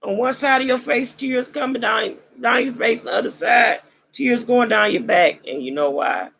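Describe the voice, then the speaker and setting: A woman's voice: on the high side, moderate pace, gravelly, fairly bright tone, slight background noise, poor audio. A woman hosting a vlog, giving a casual commentary monologue. She roasts and preaches in a slangy way, and her throat is dry as she loses her voice. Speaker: vlog host.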